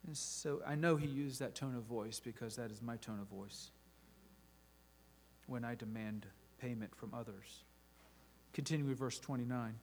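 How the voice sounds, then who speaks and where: A pastor preaching a sermon, reading scripture in a measured, expressive way that lifts for quoted speech. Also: male voice, medium pitch. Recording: reverberant hall recording.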